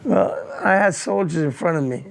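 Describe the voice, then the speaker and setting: Older male veteran interviewee; raspy, fry-heavy voice sitting high; slow, halting, repeats words as he recounts the past. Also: animated. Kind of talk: recounting a personal war memory in an interview.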